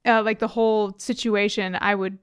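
A woman's voice: medium pitch, level tone, normal speed, smooth, no room sound, studio quality. A woman co-hosting a podcast, chatting playfully about a TV episode and laughing often. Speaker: podcast co-host. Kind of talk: casual chat recapping a TV episode.

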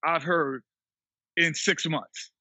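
A man being interviewed who tells a story in a lively way, laughing and acting out what other people said. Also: on the high side, slow pace, dry recording, poor audio. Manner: animated storyteller who acts out quotes, laughs often. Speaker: guest, former basketball player and TV analyst. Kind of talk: casual storytelling chat.

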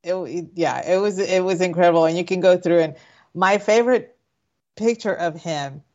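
Female co-host, lower voice, rambling chat, muffled recording. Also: moderate pace, a little mellow. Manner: rambling, restarts, conversational. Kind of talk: casual chat. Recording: muffled lo-fi audio.

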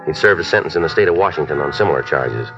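A detective's very deep voice narrates in clipped, fast, matter-of-fact sentences. The sound is an old, dull radio broadcast. Music is clearly heard underneath. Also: male voice, lively intonation. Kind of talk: 1950s radio drama narration.

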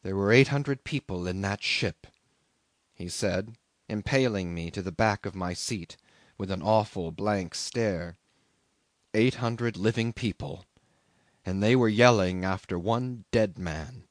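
A man voicing a shaken young sailor who recounts a disaster in a hushed, flat, haunted way. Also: slow, no room sound. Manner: quiet, flat, low-voiced telling.

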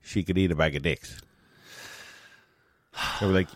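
A man's voice: sits low, unhurried, long pauses, no echo, clean studio sound. A man co-hosting a podcast, riffing sarcastically and slipping into mock voices. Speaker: podcast co-host. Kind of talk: casual comedic chat.

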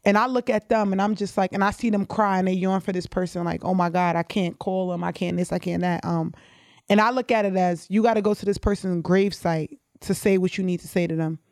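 A young woman talks fast and earnestly, laughing easily between thoughts. Her voice sits close and dry on a podcast mic, with no room sound around it. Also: fairly low pitch, steady tone, a little mellow, no echo. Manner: fast, emotional, laughs often. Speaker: podcast guest, sibling. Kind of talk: casual heartfelt chat.

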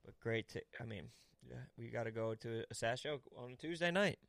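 Male podcast host, mid-pitched, boisterous, teasing, close dry mic. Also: fairly quick, vocal fry, dry recording. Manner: loud, joking, eggs others on. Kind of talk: casual group banter.

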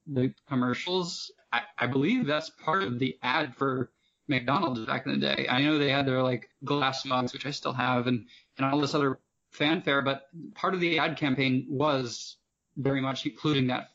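Gravelly-voiced man on a dull line. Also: medium pitch, moderate pace, fairly bright tone. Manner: talkative, digressive. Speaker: podcast guest. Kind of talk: casual podcast chat. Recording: dull lo-fi sound.

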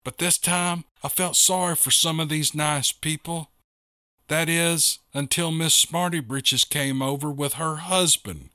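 A man narrates a first-person tale in a wry, matter-of-fact way. His voice sits a little high and bright. The recording is dry and close, with no room sound. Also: unhurried, no echo.

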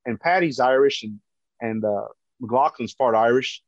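Earnest man, halting testimony. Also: mid-range voice, no echo. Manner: halting, earnest, many restarts. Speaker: police officer recounting a rescue. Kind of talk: personal testimony. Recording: dull lo-fi dry sound.

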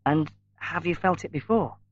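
A man's voice: a little high, moderate pace, no room sound, highs cut off, pitched above the performer's own voice, lightly acted. A man voicing a defensive young man. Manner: defensive, sharp.

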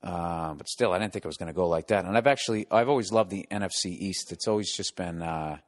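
This middle-aged host monologues casually on his podcast from home, where construction sounds rise from below. Speaking fast in a low voice, he rants sarcastically, swears and slips into mocking put-on voices.

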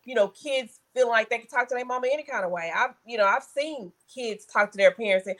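An opinionated middle-aged woman speaks emphatically in casual chat, often breaking into laughter. Her voice sits a bit higher than usual. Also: brisk, a bit bright.

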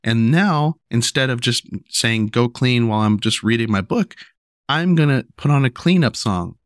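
A young man talking casually about raising his daughter, rambling and restarting, repeating "you know" and "right?", and going higher when he acts out what he tells her. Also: animated, moderate pace, no room sound, studio quality. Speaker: father sharing parenting advice. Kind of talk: casual monologue to camera.

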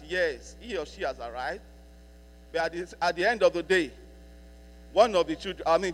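High-pitched pastor preaching in an echoing hall. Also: male voice, a bit bright. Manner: preaching with emphatic repetition, slowing to read scripture. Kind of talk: sermon. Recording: long hall reverb with mains hum.

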